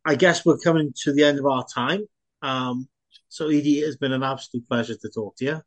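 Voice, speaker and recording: A man hosting an interview, chatting casually with dry, self-mocking humor and wrapping up briskly. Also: medium pitch. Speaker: host and writer.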